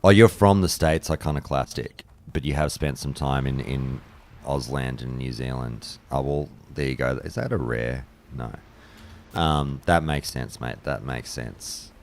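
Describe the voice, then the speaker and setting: A man's voice: very deep voice, measured pace, darkish tone. A man chatting casually and bluntly on a live stream, swearing freely and rambling between thoughts. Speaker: streamer and podcast host. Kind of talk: casual live-stream chat while gaming.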